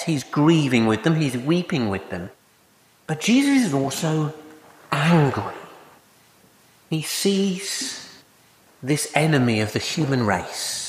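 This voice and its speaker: A man's voice: on the high side, a little hiss or hum. A man delivers an earnest sermon in a slightly raised voice. He poses rhetorical questions and often restarts mid-sentence. The sound is roomy, with a long reverb trailing each phrase. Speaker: preacher. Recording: echoey hall, long reverb.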